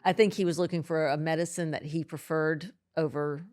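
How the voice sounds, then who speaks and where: A middle-aged woman, a podcast guest, speaking haltingly and emotionally in an interview, with many restarts. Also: low-pitched, steady tone, darkish tone.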